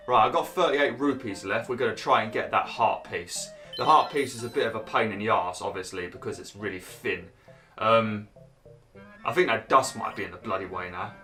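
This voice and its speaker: Guy, bright tense voice, gaming commentary, faint music behind. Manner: chatty, swears and laughs when frustrated; bursts into high exclaims when annoyed. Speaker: gaming YouTuber. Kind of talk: Let's Play commentary.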